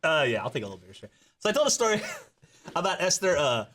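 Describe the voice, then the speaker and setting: A man's voice: on the high side, quick pace. A man hosting a podcast, telling an anecdote in casual chat and acting out the back-and-forth of the people in it. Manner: animated storyteller acting out quoted exchanges. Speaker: podcast host.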